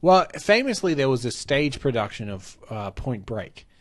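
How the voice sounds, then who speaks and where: A man's voice: mid-range voice, big pitch swings, normal speed. A man co-hosts a chatty comedy podcast in a loose, laid-back way. He reads listener questions aloud and laughs easily along the way. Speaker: podcast co-host. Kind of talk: casual chat.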